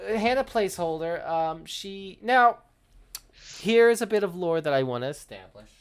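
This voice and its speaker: A man's voice: high-pitched, expressive, moderate pace, smooth. A man narrating as game master, joking and swearing with his players, rambling with lots of fillers.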